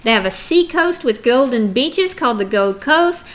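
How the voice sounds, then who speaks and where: A woman's voice: a little high, animated, moderate pace. A middle-aged woman with a Texan accent teaching a chatty geography lesson to young students in a screen recording.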